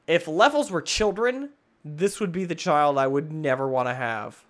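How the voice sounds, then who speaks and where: A young man hosting gameplay commentary, swinging between loud outbursts and low muttering while he plays. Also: moderate pace. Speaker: gaming channel host.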